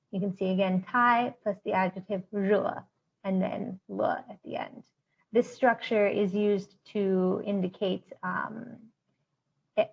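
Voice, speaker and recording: A woman teaching a beginner Chinese grammar lesson, slowing down to say each example sentence with care. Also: mid-range voice, gravelly, lo-fi sound.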